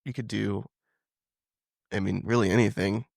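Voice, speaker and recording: A man's voice: lowish voice, steady tone, moderate pace, vocal fry, darkish tone, no room sound, studio quality. A man from Ohio co-hosting a podcast, chatting casually and joking with frequent laughs. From Ohio, USA. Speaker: podcast co-host. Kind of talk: casual chat.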